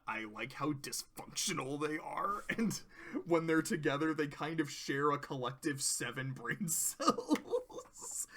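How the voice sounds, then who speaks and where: A man's voice: medium pitch, fairly bright tone. A man casually reviewing cartoon episodes, rambling, laughing often and swearing.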